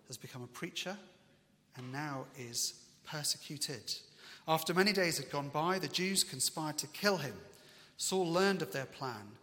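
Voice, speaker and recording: Male preacher, lively storytelling sermon, bright voice, long church reverb. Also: fairly high pitch.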